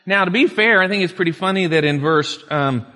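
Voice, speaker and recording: A man's voice: high-pitched, a little fast, pushed and bright. Folksy preaching man in a reverberant hall. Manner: conversational preaching, reads scripture with folksy asides. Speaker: pastor. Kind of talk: sermon.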